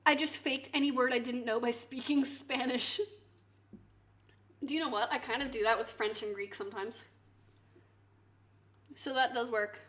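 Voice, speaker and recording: A woman streamer chatting casually to her viewers, swinging into loud mock outrage and swearing. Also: a little high, steady tone, normal speed, long pauses. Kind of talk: casual live-stream chat. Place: home kitchen.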